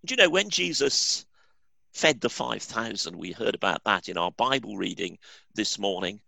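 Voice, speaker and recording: A man's voice: lowish voice, expressive, moderate pace, gravelly, pushed and bright, no echo. A male pastor preaching a sermon in an earnest, emphatic way.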